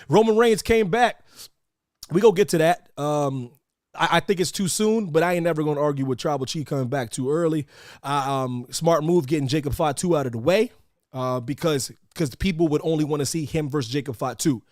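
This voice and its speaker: Excitable male podcast host. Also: a little high, a little fast, no room sound, clean studio sound. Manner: loud, excitable, trash-talking banter. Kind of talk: casual wrestling podcast chat.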